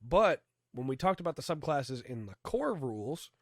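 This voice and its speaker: A man co-hosting a podcast about tabletop game rules, hoarse and losing his voice from a cold, chatty and explaining with lots of fillers. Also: mid-range voice, sing-song, normal speed, no echo, studio quality. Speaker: podcast co-host.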